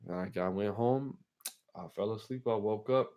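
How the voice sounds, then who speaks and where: Animated, profane male storyteller. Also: on the low side, measured pace, dull audio. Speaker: channel host. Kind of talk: casual storytelling.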